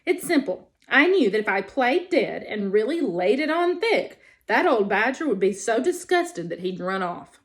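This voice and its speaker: A woman's voice: normal speed, hardly any pauses. A woman doing a theatrical chatty possum. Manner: animated, showy, high-pitched.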